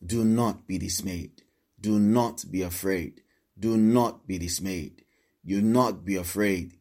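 A man's voice: lowish voice, a little mellow. A man preaching a sermon, reading scripture and emphatically repeating encouragements to his listeners. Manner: emphatic, repeats exhortations, shifts pace.

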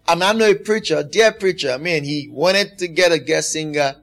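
A man's voice: fairly high pitch, moderate pace, creaky, hardly any pauses, a bit bright, faint music behind. A man preaching a sermon, emphatic and driving his points home by repeating them.

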